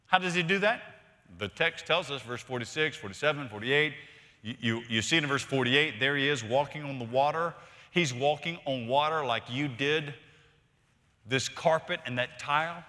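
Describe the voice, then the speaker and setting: A man preaching a sermon as pastor, emphatic, swinging from loud to hushed and repeating words for stress. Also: a little high. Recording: long reverb of a large hall.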